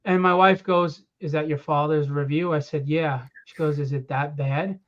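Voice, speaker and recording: A man casually telling animated stories about his comic book writing, acting out what others said. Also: a little high, normal speed. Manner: animated storyteller acting out quotes. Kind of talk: casual storytelling. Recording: dull lo-fi sound.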